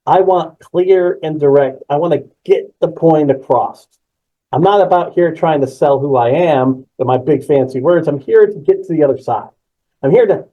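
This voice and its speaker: A man presenting a live webinar on presentation skills, energetic and emphatic, repeating key words and reacting to the chat. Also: fairly high pitch, dull audio.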